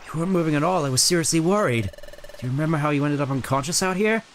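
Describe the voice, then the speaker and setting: A man's voice: a little high, expressive, rapid-fire, slight background noise, voice pushed up. A man voicing an earnest, friendly partner Pokémon. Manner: earnest, kindly.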